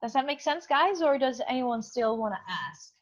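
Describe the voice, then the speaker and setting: A woman's voice: sits high, lively intonation, moderate pace. A woman teaching an English class over a video call, chatty and encouraging, often checking that students follow. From Indonesia. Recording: dull muffled video call audio.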